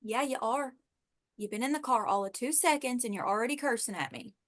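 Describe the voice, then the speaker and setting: A woman's voice: on the high side, expressive, a little fast, a bit bright. A woman voicing a teasing, sarcastic young woman from Texas in an amateur audio drama.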